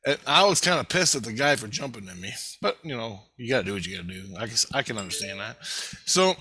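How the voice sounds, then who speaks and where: A man's voice: medium pitch, animated, fast, sharp tone, breathy edge, no room sound. A man casually telling a personal story, rambling and swearing as he goes. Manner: rambling, profane, repeating phrases.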